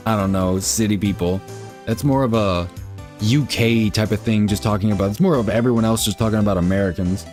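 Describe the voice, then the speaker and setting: A man's voice: lowish voice, darkish tone. A young man giving casual let's-play commentary in a crude, sarcastic, rambling way. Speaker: gameplay host.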